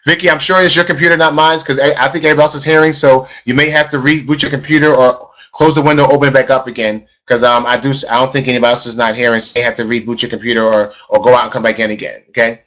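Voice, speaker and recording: A man's voice: medium pitch, flat delivery, rapid-fire, fairly bright tone. A man teaching a live online sales webinar as a trainer, talking emphatically and repeating key phrases for stress.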